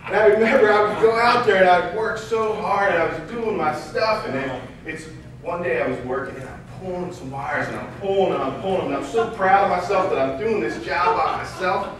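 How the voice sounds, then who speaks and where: A man giving a motivational keynote, telling lively anecdotes and acting out dialogue with laughter. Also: sits high, fairly quick, noisy background. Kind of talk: storytelling keynote talk. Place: large event hall. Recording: echoey hall from far off.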